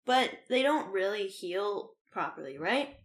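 A woman's voice: mid-range voice, big pitch swings, unhurried, a bit bright. A woman co-hosting a casual chat, joking crudely and laughing often.

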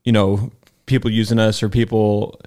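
A man co-hosting a casual podcast, speaking haltingly and filling his sentences with "like". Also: lowish voice, flat delivery, dark tone, clean tone. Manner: halting, many filler likes. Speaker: podcast co-host. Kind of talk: casual chat.

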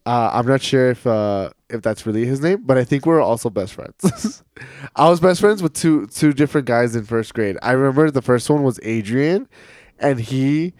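A man's voice: mid-range voice, moderate pace, no room sound. A man co-hosting a casual podcast, with a voice that rises and falls widely as he tells stories. He laughs often. The sound is close and dry. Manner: laughs often, animated storytelling. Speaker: podcast co-host. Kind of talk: casual chat.

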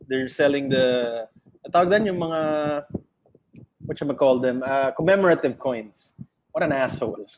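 A man with a Filipino accent, co-hosting a casual podcast chat, swearing often and telling animated stories. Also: medium pitch, moderate pace, slight background noise. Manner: swears a lot, animated storytelling. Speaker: podcast co-host.

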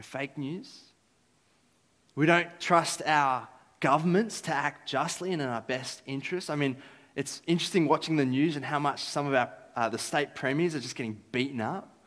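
A man's voice: fairly high pitch, a bit bright. Casual man preaching in a hall. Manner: casual, chatty with many fillers. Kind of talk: sermon-style talk. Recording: echoey hall.

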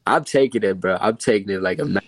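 A man's voice: lowish voice, fast talker. A young man telling a story in casual chat, slangy and laughing often. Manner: slangy, laughing, says bro a lot. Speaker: guest storyteller.

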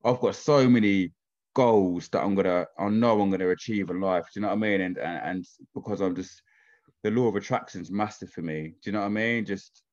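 A man's voice: deep voice, fairly quick, darkish tone, highs cut off. A man, chatting casually as a podcast guest and telling stories informally and with animation. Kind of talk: casual chat.

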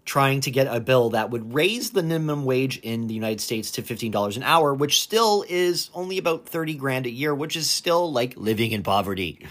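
A man hosts a comedy segment, at an ordinary pitch. He is sarcastic and rambling and scatters fillers throughout. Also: fairly bright tone. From Canada. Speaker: host. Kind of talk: comedic monologue.

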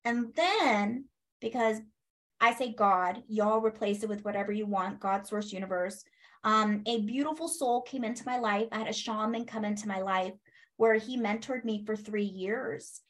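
A woman telling a personal story in a casual interview, animated, acting out what people said and laughing as she goes. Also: medium pitch, moderate pace. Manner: animated, acts out quoted speech, laughs, swears. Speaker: guest.

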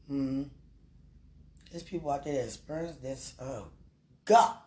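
A woman's voice: extremely low pitch, steady tone, normal speed, mellow, slight background noise. A woman talking casually and praying aloud, repeating phrases and laughing often. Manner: chatty, repeats phrases, laughs often, mixes talk with prayer. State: heartburn, hungry. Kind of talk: casual spoken monologue and prayer.

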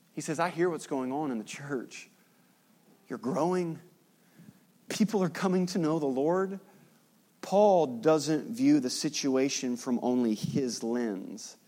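A middle-aged pastor preaching a sermon, acting out the people he quotes. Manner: animated preaching, acting out quotes with big jumps in pitch.

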